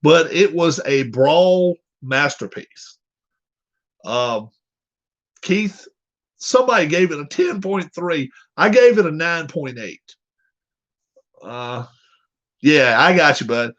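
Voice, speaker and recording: Brief: slow, unhurried man, a bit higher-pitched, rambling casual stream chat, muffled lo-fi sound. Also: lively intonation, fairly bright tone. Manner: rambling, joking, reads comments aloud. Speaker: streamer chatting with viewers. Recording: dull lo-fi recording.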